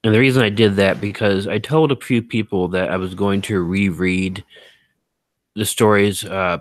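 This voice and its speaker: A man's voice: on the low side, steady tone, moderate pace, no echo. A man chatting casually on a live stream, reading out viewer comments, rambling with lots of fillers and self-corrections and poking fun at himself.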